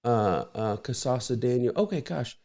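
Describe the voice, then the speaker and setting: A man's voice: medium pitch, lively intonation, normal speed, darkish tone. A middle-aged man, a pastor co-hosting a casual live podcast from his bedroom, rambling and emotional with many fillers. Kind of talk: casual live-stream chat. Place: home bedroom.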